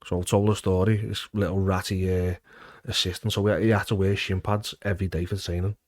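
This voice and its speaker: Man with a Liverpool accent, low voice, dry close sound, animated, swearing, acting out quotes. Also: brisk, no echo. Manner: animated, swears freely, acts out quotes loudly. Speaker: former footballer, guest. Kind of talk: casual storytelling interview.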